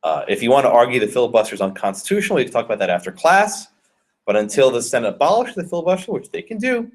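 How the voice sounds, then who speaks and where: A man's voice: mid-range voice, fairly bright tone. A male law professor giving a conversational classroom lecture and questioning his students.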